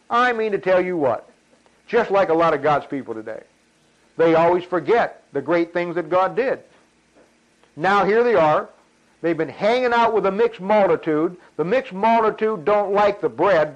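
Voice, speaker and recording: A man preaching a sermon in an animated, folksy way, acting out voices of the people in his story. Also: high voice, normal speed. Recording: dull lo-fi sound.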